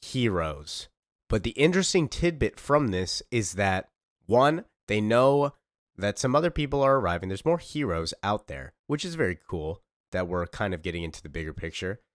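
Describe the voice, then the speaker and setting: A man's voice: on the low side, no echo, studio quality. A man casually narrating a comic story recap in a chatty way. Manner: casual, chatty, fills in with 'like'.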